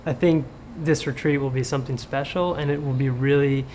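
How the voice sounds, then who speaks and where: A relaxed man co-hosts a casual conversation and agrees easily with his partner. His voice sits at a middle pitch, and there is faint background noise. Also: brisk. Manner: relaxed, agreeable, backchannels often. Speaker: co-host. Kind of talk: casual chat.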